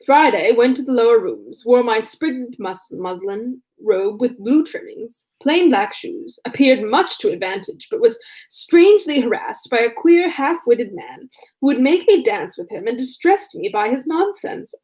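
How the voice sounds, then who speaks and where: A woman reading aloud and voicing a witty, teasing young gentleman with mock-formal manners. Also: on the high side, very animated, unhurried. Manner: mock-formal, then simpering when he affects a pose.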